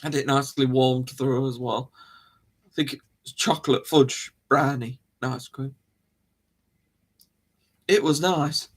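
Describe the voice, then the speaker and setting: A man's voice: mid-range voice, fairly even intonation, takes it slowly, pauses often. A man hosting a live chat stream, rambling casually, laughing often and restarting his sentences. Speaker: livestream host.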